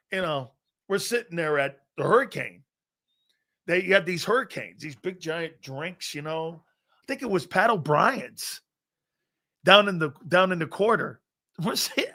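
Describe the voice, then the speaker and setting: A loud, boisterous man hosting a football talk show, his voice pitched high for a man and swooping widely as he rants. He laughs often, swears freely and tells rambling stories in stop-start bursts. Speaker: sports talk show host. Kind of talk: live football talk and storytelling.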